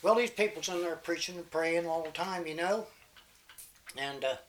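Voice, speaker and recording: A man's voice: a little high, moderate pace, a bit bright, slight background noise. An older man telling folk tales and tall tales in a rambling, folksy way. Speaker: storyteller.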